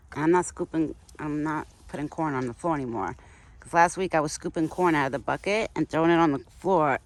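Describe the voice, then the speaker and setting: A woman vlogging outdoors while feeding her pet deer, chatty, cooing to it in baby talk now and then. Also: low voice. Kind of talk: casual outdoor vlog. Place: outdoors in a wooded yard.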